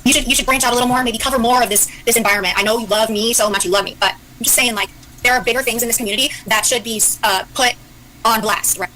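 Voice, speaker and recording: Fast-talking defensive woman. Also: a little high, fairly even intonation, pushed and bright, a little hiss or hum, poor audio. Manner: defensive, exasperated, lots of fillers. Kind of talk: heated livestream argument.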